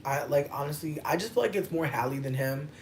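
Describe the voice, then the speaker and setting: A woman in her thirties chatting casually on a livestream and answering chat, playful and profane, with drawn-out emphasis. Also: sits low. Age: 30s.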